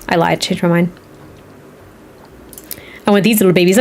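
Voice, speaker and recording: A woman's voice: medium pitch, normal speed, pauses often, darkish tone. A woman live streaming while she builds in a game, chatting and rambling to her viewers and laughing often. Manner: talks to chat viewers, reads their comments.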